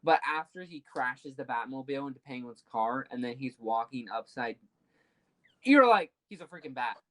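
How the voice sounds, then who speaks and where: A man's voice: medium pitch, expressive, normal speed, a bit bright. A young man co-hosting a podcast, chatting casually and enthusiastically while steering the conversation to new topics. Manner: enthusiastic, leads the topics, hums music to illustrate. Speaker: podcast co-host. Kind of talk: casual chat.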